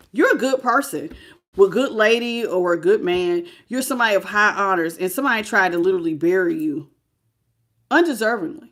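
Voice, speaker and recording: A woman's voice: mid-range voice, fairly bright tone. A woman giving a livestream tarot reading, talking casually and greeting viewers in the chat. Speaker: tarot reader.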